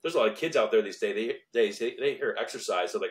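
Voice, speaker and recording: A man in his thirties hosts a podcast with an earnest, motivational delivery, hammering points home by repeating them. His voice is somewhat low for a man. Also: lively intonation, quick pace. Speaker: podcast host. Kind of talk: casual podcast conversation.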